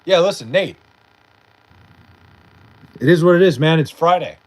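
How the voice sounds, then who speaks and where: A man's voice: a little high, a little slow, rough recording. A young man chatting casually on a late-night livestream, reading chat aloud and bantering with loose, profane talk. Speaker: live streamer.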